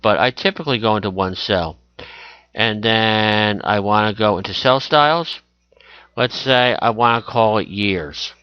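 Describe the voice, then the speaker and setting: A man teaching a screen-recorded software tutorial, talking through each click as he goes and correcting himself along the way. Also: lowish voice, clean tone, no room sound, muffled recording.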